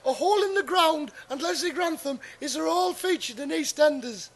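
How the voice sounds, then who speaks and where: A man doing a chirpy, high game show host. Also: lively intonation, normal speed. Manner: bouncy, chirpy presenter patter. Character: over-eager male game show host, middle-aged, fussy.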